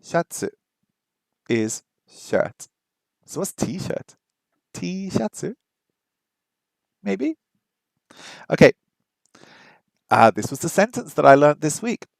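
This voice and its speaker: Male streamer at a close desk mic, casual and chatty, repeats words as he works them out. Medium pitch, dry sound. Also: gravelly, no room sound. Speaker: live streamer learning Japanese. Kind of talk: casual chat while studying on a language app.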